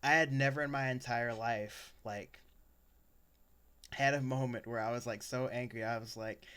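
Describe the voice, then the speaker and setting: A man's voice: medium pitch, fairly even intonation, moderate pace, fairly bright tone, clean tone. A young adult man co-hosting a podcast, telling personal stories in a casual chat that rambles, with lots of fillers and restarts. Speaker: podcast co-host.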